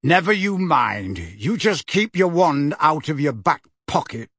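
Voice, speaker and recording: A man's voice: a little high, animated, moderate pace, fairly bright tone, slightly rough, no room sound, clean studio sound, heavily acted. Mad-Eye Moody: a man voicing a growling old wizard. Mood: scolding. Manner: growling, barking. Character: grizzled old male wizard, gruff and suspicious.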